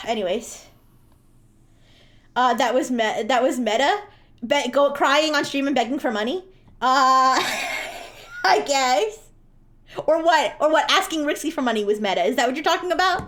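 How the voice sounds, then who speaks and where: A woman's voice: high voice, expressive, moderate pace, pauses often, a bit bright, faint music behind. A woman streamer telling a story casually to her chat while drawing, laughing often and swearing freely.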